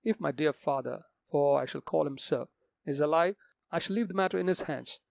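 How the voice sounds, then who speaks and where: A man's voice: fairly high pitch, moderate pace, vocal fry, no echo. A man voicing a distraught young woman, an heiress, who pleads and argues in agitation. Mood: agitated.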